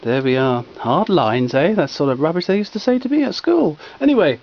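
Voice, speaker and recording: Bloke presenting old records, chatty and a bit posh, slightly muffled with faint hiss. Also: male voice, fairly high pitch, big pitch swings, a little fast. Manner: chatty, old-fashioned British phrasing. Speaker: channel host introducing records. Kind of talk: casual spoken introduction.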